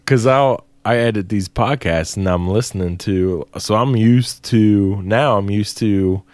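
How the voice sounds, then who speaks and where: A man's voice: on the low side, a little slow, darkish tone, dry recording. A man co-hosting and editing a podcast, chatting casually, swearing freely and laughing a lot. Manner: laid-back, profane, laughs often. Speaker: podcast co-host and editor. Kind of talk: casual chat.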